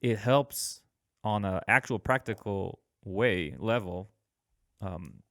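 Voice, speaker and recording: Low-voiced podcast host, dry sound. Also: male voice, slow pace, no echo. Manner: relaxed, laughs often, hesitant fillers. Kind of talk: casual interview chat.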